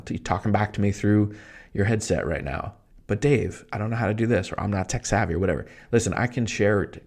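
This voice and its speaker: A middle-aged man hosting a solo podcast, talking to listeners in an excited, emphatic, fast-paced way. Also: fairly low pitch, gravelly. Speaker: podcast host. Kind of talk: solo motivational podcast monologue.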